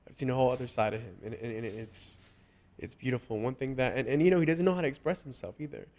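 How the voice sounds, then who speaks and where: A man hosting a casual podcast chat, talking earnestly and haltingly with many restarts. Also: medium pitch, a little mellow. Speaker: podcast host.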